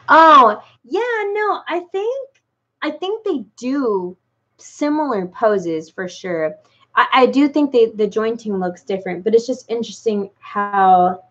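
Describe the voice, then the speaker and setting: A woman's voice: mid-range voice, dull audio. A woman chatting casually to her viewers, rambling with many "like"s and false starts. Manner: rambling with many likes and restarts. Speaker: doll collector vlogger. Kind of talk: casual unscripted chat.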